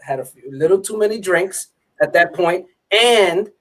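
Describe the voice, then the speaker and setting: A man with a high voice tells a story against himself in casual chat. He often stumbles and repeats words as he goes. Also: expressive, unhurried, far from the mic. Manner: self-deprecating, repeats words.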